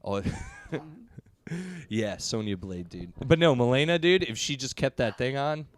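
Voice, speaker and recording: Halting podcast co-host man. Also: medium pitch, expressive. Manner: halting, restarts while telling an anecdote. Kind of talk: casual chat.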